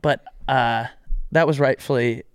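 A man's voice: mid-range voice, fairly even intonation, smooth, no room sound, clean studio sound. Joking young man on a podcast. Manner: joking, rambling, quick asides. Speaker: podcast co-host. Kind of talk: casual chat.

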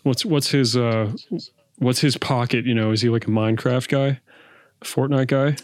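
Deadpan ironic guy, mid pitch, very dry sound, video call. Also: normal speed, no echo. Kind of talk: casual comedy chat.

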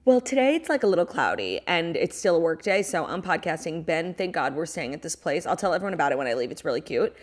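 A young woman co-hosting a podcast remotely from a rented cottage, chatting casually, swearing freely and talking in quick bursts full of "like". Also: sits low, sing-song. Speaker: podcast co-host. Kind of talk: casual chat. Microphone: remote audio-only recording.

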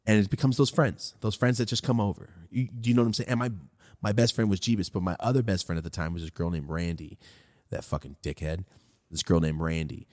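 A man hosting a podcast, telling a story in a loose, profane, rambling way while high. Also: fairly even intonation, quick pace, darkish tone, dry recording, studio quality. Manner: profane, rambling, laid-back. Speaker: podcast host. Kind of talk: casual storytelling.

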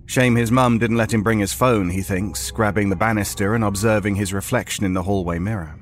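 A man narrating a horror story in a measured, storytelling way. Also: on the low side, fairly even intonation, faint music behind.

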